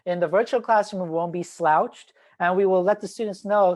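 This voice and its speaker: A man giving an online talk on teaching, animated and demonstrative, swinging between loud and quiet. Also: high voice, normal speed. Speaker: teacher trainer. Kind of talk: online presentation. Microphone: video call.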